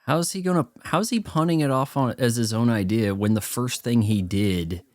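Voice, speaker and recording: A man's voice: mid-range voice, moderate pace, dry recording, clean studio sound. A man giving casual movie watch-along commentary, riffing sarcastically in a rambling way. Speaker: film commentator.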